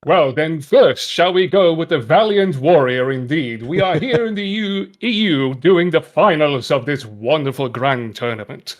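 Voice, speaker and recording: A man's voice: fairly high pitch, lively intonation, measured pace, few pauses. A man voicing a valiant, boastful warrior in a pompous, theatrical delivery. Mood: grandiose.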